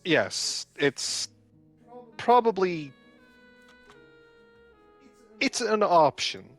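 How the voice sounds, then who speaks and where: Man doing a bookish flustered healer, slow halting speech, lively pitch, faint music behind. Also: exaggerated voice. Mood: hesitant. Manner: hesitant, halting, stammering explanations.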